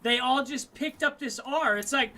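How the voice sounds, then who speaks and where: A man's voice: very high voice, normal speed, bright, forceful tone. A man from Denver hosting a live stream, chatting casually in slang and often repeating and restarting his words over a video call. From Denver, Colorado. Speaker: livestream host.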